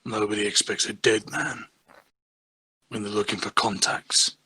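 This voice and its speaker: A man's voice: on the low side, level tone, unhurried, bright, forceful tone, breathy edge, no echo, full character voice. A man voicing a blunt, calculating crew member in a tabletop game, matter-of-fact and unapologetic.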